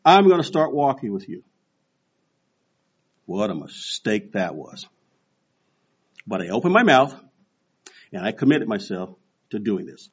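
A man in his sixties preaching with a lively, swooping delivery. His voice is a little husky. He tells stories and acts out the quoted voices, on a dull, lo-fi recording. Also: medium pitch. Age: 60s. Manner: storytelling with animated quoted voices. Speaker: pastor. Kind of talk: sermon.

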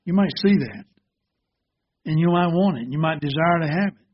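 A man's voice: on the high side, dull audio. A man preaching a sermon, earnest and illustrative, telling a parable. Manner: slow, earnest, gently illustrative. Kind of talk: sermon with storytelling.

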